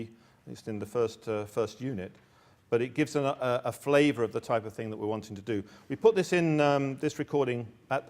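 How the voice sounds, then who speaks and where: A man's voice: mid-range voice, a little mellow. A middle-aged man with an ordinary mid-range voice gives a talk to an audience. He often stumbles and restarts, repeating small words before he finds the phrase. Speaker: teacher and author presenting a course book. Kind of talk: presentation talk.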